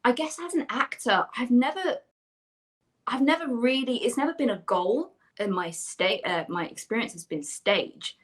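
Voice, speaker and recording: A woman's voice: on the high side, expressive, normal speed. A woman talks eagerly and at length, jumping from thought to thought. She is a panel guest speaking over a video call. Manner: enthusiastic, chatty, rambling.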